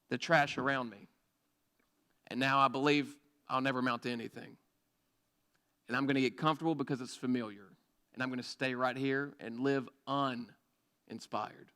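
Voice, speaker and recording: A young man preaching a sermon to a youth group in a lively, conversational way, with jokey asides and acted-out quotes. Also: on the high side. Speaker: youth pastor.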